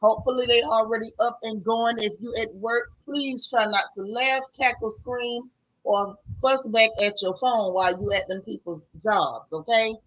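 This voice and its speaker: A woman's voice: a little high, fairly even intonation, normal speed. A woman hosting a casual gossip livestream from home, greeting viewers by name with slang like sis and boo. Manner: chatty, warm Southern slang, calls viewers sis and boo.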